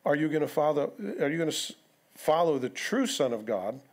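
Guy preaching a bible sermon, kinda high voice, talks casual w/ lots of asides. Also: lively intonation, brisk, a little mellow. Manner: conversational, with rhetorical questions and asides. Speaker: pastor. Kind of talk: expository sermon. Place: church sanctuary.

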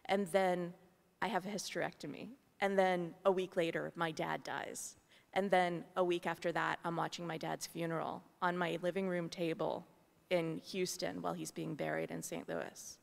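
A woman's voice: lowish voice, flat delivery, normal speed, vocal fry. A middle-aged woman artist speaking to a gathering, telling a personal story in a candid, earnest way with many asides. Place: large meeting hall. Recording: long hall reverb.

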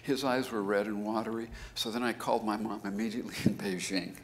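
A business school professor gives a conference keynote at a quick pace, with a little hiss or hum in the audio. He's an animated storyteller who jumps into high, emphatic bursts.

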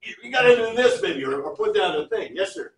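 A man teaching a Bible class, chatty and animated, reading Greek phrases word by word for his students. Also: sits high, brisk. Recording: echoey room, far from mic.

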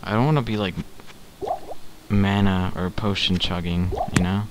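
A man's voice: low-pitched, steady tone, normal speed. A young man chatting casually while playing a game with friends, wondering aloud about the game. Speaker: gamer co-host. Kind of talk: casual gaming chat. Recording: noisy home game recording.

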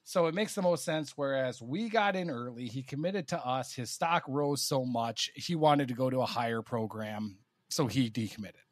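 A man co-hosting a casual sports podcast, recorded dry and close with no room sound. He talks in animated bursts and stumbles over his words as he starts each point. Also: mid-range voice, moderate pace, few pauses, no room sound. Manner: animated, stammering restarts. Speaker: podcast co-host.

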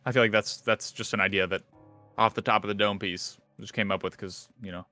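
A man hosting a casual gaming podcast, rambling and animated, swearing casually. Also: on the low side, a little fast, no echo, faint music behind. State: out of breath. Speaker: podcast host.

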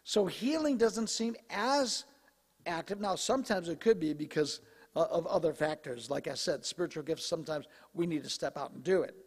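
A male pastor preaching a sermon in a conversational, animated way, his voice slightly hoarse. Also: on the high side, normal speed, long reverb tail. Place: church sanctuary.

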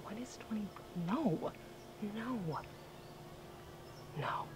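A woman's voice: on the high side, big pitch swings, extremely slow, heavily acted. A woman playing an impatient young adventurer who keeps snapping "no" in exasperation. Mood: exasperated. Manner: exasperated, sharp, repeats "no". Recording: noisy background.

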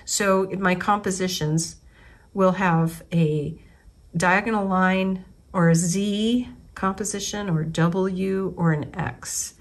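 A woman in her forties, an artist from the United States, talking through her thoughts in a loose, unscripted way. She often stops and restarts her sentences as she works out what she means. Her voice sits a little low for a woman. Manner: rambling, thinking aloud with restarts. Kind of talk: casual spoken reflection.

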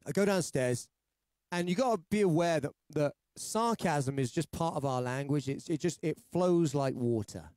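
Here a London singer-songwriter hosts an easygoing livestream, spinning rambling, jokey stories and frequently starting over. His voice is a little high and a little mellow, with lively intonation, normal speed, and a London English accent. The recording is dry and studio quality.

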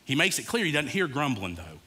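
A man's voice: medium pitch, sing-song, fairly quick, bright, forceful tone. A male pastor preaching a sermon in a casual, conversational way, talking directly to his congregation.

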